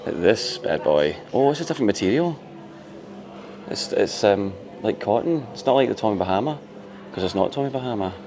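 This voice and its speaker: A medium-pitched man talking a little fast vlogs his visit to a resort, indoors. He's excitable and gushing, with frequent laughs through the casual narration.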